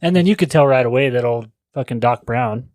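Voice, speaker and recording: A man co-hosts a loose movie podcast and rattles through scenes at a brisk clip. He is crude and joking and slips into quick voices to act out the characters. His voice is mid-pitched and recorded dry on a close mic with no room sound. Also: a little mellow, dry recording. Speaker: podcast co-host. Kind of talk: casual movie chat. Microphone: studio microphone.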